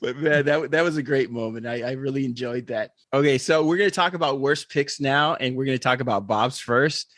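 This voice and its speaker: A man's voice: medium pitch, a little fast, few pauses, a bit bright, dry recording, studio quality. A man from Texas, co-hosting a casual podcast chat, laughing often and swearing casually. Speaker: podcast co-host.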